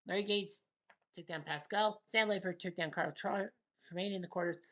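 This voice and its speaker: Male host, relaxed recap delivery, offhand asides, unpolished and chatty. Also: sits high, normal speed. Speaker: host recapping a simulated boxing tournament. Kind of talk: casual results recap.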